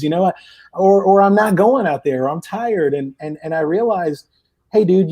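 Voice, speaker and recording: A man's voice: a little high, dark tone. A man guesting on a live podcast, talking in a loose, rambling way with lots of restarts over a remote call. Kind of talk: casual chat. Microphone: headphones or headset, remote call.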